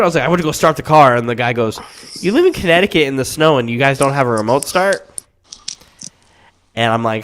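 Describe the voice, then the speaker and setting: A man's voice: mid-range voice, brisk, clear, resonant tone. A man co-hosting a casual sports podcast, telling a story with lots of swearing and acted-out quotes. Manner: animated storyteller who acts out quoted voices, swears freely. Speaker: podcast co-host.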